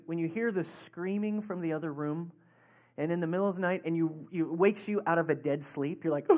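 A pastor preaching a sermon in a relaxed, conversational way, rambling into stories and laughing along. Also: medium pitch.

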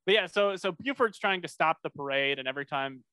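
A man's voice: a little high, animated, fairly quick, pushed and bright, clear, resonant tone, no echo. A man co-hosting a podcast, casually recapping a cartoon episode with lots of fillers and restarts. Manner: rambling, many fillers and restarts. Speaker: podcast co-host.

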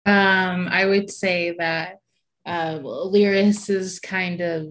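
Woman player, lowish voice, rambling, giggly, tabletop game. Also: fairly even intonation, extremely slow, a bit bright. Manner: rambling, many fillers, giggly. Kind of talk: describing her character in a tabletop game.

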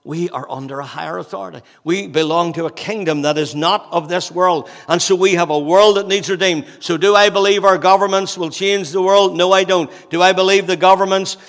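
A man preaches a sermon in a church hall, his voice bright and forceful. He speaks at a somewhat high pitch and builds his points through repeated rhetorical questions. A long reverb from the hall trails behind his words. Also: steady tone, brisk, few pauses. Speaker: pastor.

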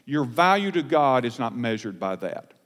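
A man's voice: sing-song, normal speed, fairly bright tone. Man preaching in a reverberant hall. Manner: earnest preaching with rising emphatic pitch. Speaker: pastor. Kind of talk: sermon. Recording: long church hall reverb.

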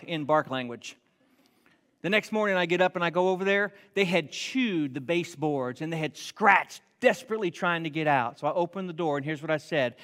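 A man preaching a sermon, telling a homey story in an animated, self-mocking way and slowing down to stress his points. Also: a little high, in a large hall. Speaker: pastor.

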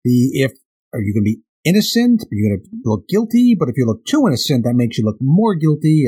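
A man's voice: medium pitch, very animated, a little fast, warm tone, breathy edge. A man co-hosting a casual podcast discussion, speaking in a wry, thoughtful way with small stammered restarts. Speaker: podcast co-host.

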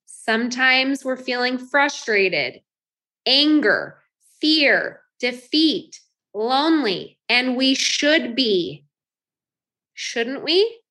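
A woman in her thirties coaching a group, telling lively stories and acting out her own thoughts. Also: high-pitched, extremely slow. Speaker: life coach.

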